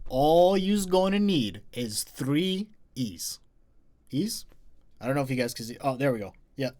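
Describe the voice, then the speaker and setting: A man hosting a live marketing session, talking emphatically and repeating his key points with big swings in loudness. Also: high voice. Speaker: host.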